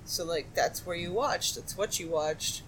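A woman from the Midwest, co-hosting a podcast, telling stories in a casual, profane, animated way. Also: fairly low pitch, unhurried, slight background noise. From American Midwest. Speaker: podcast co-host. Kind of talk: casual chat.

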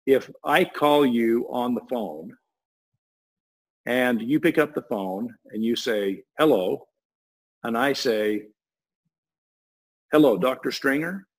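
At a slow pace and medium pitch, a man loosely talks through an idea as a guest explaining a voice technology. His casual explanation rambles, with frequent sentence restarts. The audio quality is poor.

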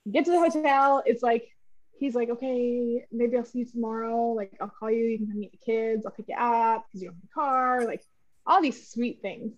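High-voiced woman telling a story. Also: moderate pace, dull audio. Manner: animated, swearing, laughing, acts out voices in her story. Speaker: podcast co-host. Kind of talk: casual storytelling chat.

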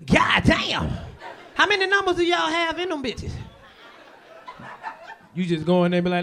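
A man doing profane live crowd-work comedy on stage, loud and laughing at his own jokes. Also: very high voice, huge pitch swings, moderate pace, gravelly, long pauses. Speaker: stand-up comedian working the crowd. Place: live club show.

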